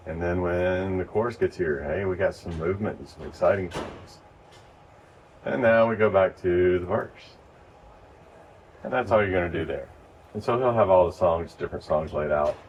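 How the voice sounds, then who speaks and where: A man with a very low voice gives casual, step-by-step training to church volunteers. He is recorded from a distance, and faint noise hangs behind him. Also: moderate pace, long pauses, dull audio. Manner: relaxed, explains step by step. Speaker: lighting instructor.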